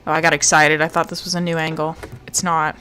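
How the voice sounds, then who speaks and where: This woman streamer has a deep, level voice that sounds pushed and bright, and she talks quickly over slight background noise. Chatty and playful, she talks to herself while searching during a live game, throwing in the occasional mock-British joke.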